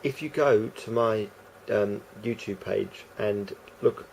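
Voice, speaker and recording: Rambling, gravelly man vlogging. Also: fairly low pitch, slow pace, a little mellow, slight background noise. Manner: hesitant, full of restarts and fillers. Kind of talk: rambling casual monologue.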